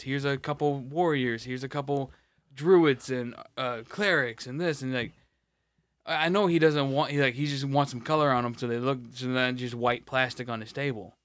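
Co-hosting a podcast, a man chats casually, rambling and swearing with many restarts. His mid-range voice has a fairly bright tone, captured clean in a studio with no room sound.

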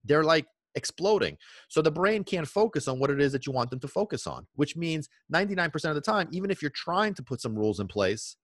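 A man's voice: medium pitch, lively intonation, fast, no room sound, clean studio sound. A man hosting a podcast on dog training, talking emphatically, peppering points with "okay?" and rhetorical questions. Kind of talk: podcast monologue.

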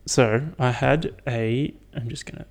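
A man's voice: mid-range voice, unhurried. A young man hosting a casual solo podcast, rambling and swearing with lots of fillers. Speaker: podcast host.

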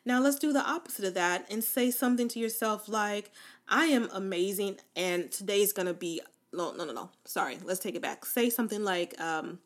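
A woman giving a casual, encouraging motivational talk, leading the listener through spoken affirmations with relaxed slang. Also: medium pitch, moderate pace. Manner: informal slang, fillers like "like" and "right?". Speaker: self-help speaker.

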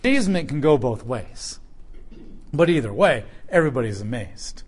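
A man leading a verse-by-verse sermon on a Bible passage, with a speaking voice of middling pitch. He keeps it loose and conversational, slipping in casual slang as he explains the text. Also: very animated, moderate pace, husky. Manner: informal and conversational, with plain slang. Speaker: Bible teacher.

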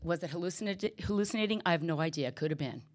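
A woman's voice: fairly low pitch, lively intonation, very fast. A middle-aged woman candidly telling her own recovery story to a group, emotional and self-deprecating. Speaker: speaker sharing recovery story. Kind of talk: personal testimony talk.

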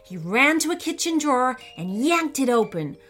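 A woman reading a children's storybook aloud in an expressive, unhurried way. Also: high-pitched, soft background music.

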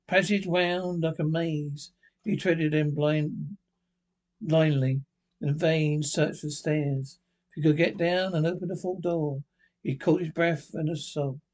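Sex: man. Role: narrator. Style: ghost story read aloud. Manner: halting, restarts misread words. Pitch: a little high. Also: darkish tone.

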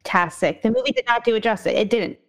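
Female podcast co-host, a bit high-pitched, emphatic and profane, casual chat. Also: quick pace. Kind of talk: casual movie review chat.

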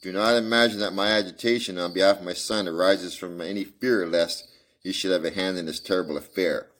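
A man's voice: low-pitched, fairly even intonation, brisk, a bit bright. A man reading the part of an older mother, agitated and pleading, in a slightly raised voice. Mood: anxious. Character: Mrs. Carpentier, distressed older mother.

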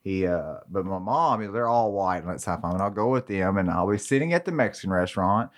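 A man's voice: deep voice, lively intonation, brisk. A man who is a guest on a casual podcast, speaking hesitantly and repeating words as he starts.

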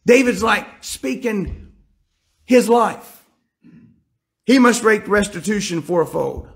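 A man preaches with a high, gravelly voice. His delivery is emphatic, and he leans on rhetorical questions to press each point. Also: expressive, slow pace, pauses often. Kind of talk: sermon.

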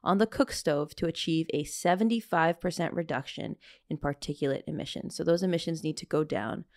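A woman co-hosting a podcast in casual chat, animated, swearing and laughing often. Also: low-pitched, brisk. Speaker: podcast co-host.

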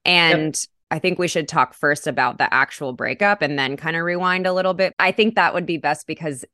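A woman podcast host speaks in a notably low voice, framing thoughtful, empathetic questions. Her sound is dry and close, with no room around it. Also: fairly quick, bright, forceful tone, no echo. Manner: empathetic, thoughtful questioning with "you know" fillers. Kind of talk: interview conversation.

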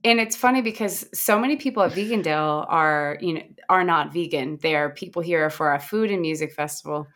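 A woman from the United States, a guest on a podcast, telling lively stories in casual conversation and laughing often. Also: low voice, fairly quick, hardly any pauses. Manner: animated storyteller, laughs often. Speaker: guest, activist.

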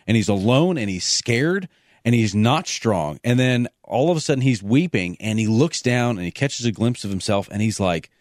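A man chatting casually about a movie, retelling scenes with animated energy. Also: medium pitch, moderate pace, no echo, clean studio sound. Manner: animated storyteller, acts out scenes. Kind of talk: casual movie discussion podcast.

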